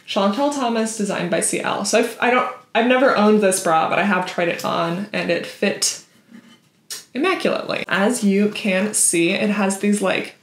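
A woman vlogger talks in a chatty, snarky way, full of ums and likes. Her voice sits at an ordinary pitch and rings a bit in an echoey room at home. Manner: chatty and snarky, with many fillers. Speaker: vlogger reviewing bras. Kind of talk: casual chat.

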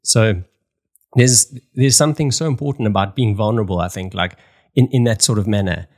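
A man's voice: on the low side, a little fast. A man hosting a podcast, talking casually and hesitantly with lots of fillers. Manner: hesitant, many fillers and restarts. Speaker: podcast host. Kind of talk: casual interview talk.

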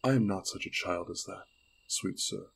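A man reading a resolute young queen, husky. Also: heavily acted. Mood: gentle. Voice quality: low and husky. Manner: measured, solemn declarations.

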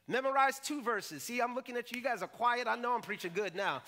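A high-pitched male pastor preaching in church, bright and forceful in tone. He jokes, acts out quotes and keeps the sermon animated. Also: fast, hardly any pauses. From Jamaican family roots. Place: church stage.

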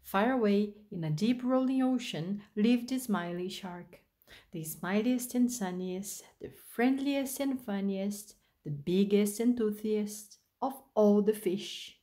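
A woman reading a children's picture book aloud in a gentle, sing-song way. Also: medium pitch. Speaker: storyteller.

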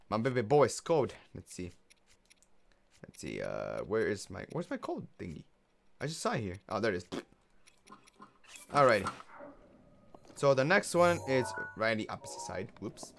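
A man's voice: lowish voice, creaky, fairly bright tone, slight background noise. Rambling, jokey male game streamer. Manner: rambling, jokey, laughs often. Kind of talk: casual gameplay commentary.

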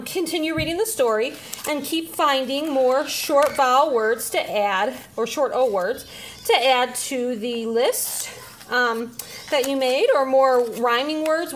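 A woman with a high voice walks through reading activities in a relaxed, chatty teaching manner. She sounds a little out of breath and pauses on frequent "um"s as she works, with faint background noise. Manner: chatty, with frequent "um" pauses while handling letters. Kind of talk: casual instructional demonstration.

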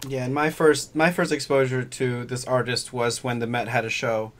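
A man's voice: medium pitch, level tone, normal speed, a bit bright, a little hiss or hum. Eager male co-host with a mid-range voice, asks questions. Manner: enthusiastic, chatty, many fillers. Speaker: podcast co-host. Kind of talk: casual podcast chat.

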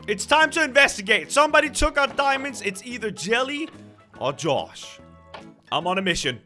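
A young man narrates his gameplay in a dramatic, excitable way. His voice is high and bright, swinging widely in pitch. Faint music plays underneath. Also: moderate pace. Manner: excitable, dramatic, shrieks at scares. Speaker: gaming video host. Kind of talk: gameplay commentary.

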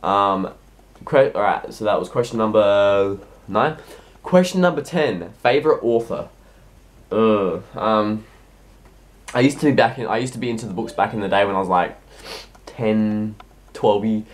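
A man's voice: fairly low pitch, expressive, unhurried. Rambling sick teenage boy. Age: teens. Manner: rambling, hesitant, heavy with ums and restarts. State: sick, coughing. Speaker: YouTuber answering viewer questions. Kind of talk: casual Q&A vlog.

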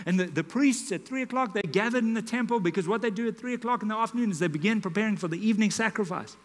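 A man, preaching a sermon in a church and telling a story dramatically, dropping to a hush and rising to loud calls. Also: sits high. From South Africa. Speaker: pastor. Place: church auditorium. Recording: live church hall reverb.

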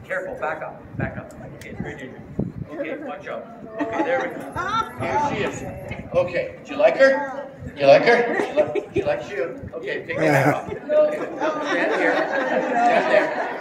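A man's voice: very high voice, big pitch swings, very noisy. A man, a children's entertainer, playfully coaxing a child volunteer through a stage bit. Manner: playful, coaxing, quick to laugh. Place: large echoey hall with a live audience. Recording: echoey hall, loud crowd, from far off.

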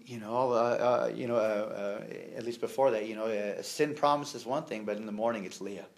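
A man's voice: lowish voice, steady tone, moderate pace. A man preaching a sermon in a conversational way, with humor, many fillers and repeated words. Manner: conversational, with humor and acted-out quotes.

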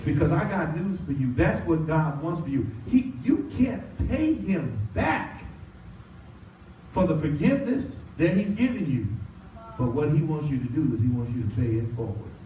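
Male pastor, high-pitched, emphatic preacher with call-and-response; recorded from a distance in a church. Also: lively intonation, normal speed, warm tone, roomy sound, slight background noise. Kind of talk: sermon. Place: church sanctuary.

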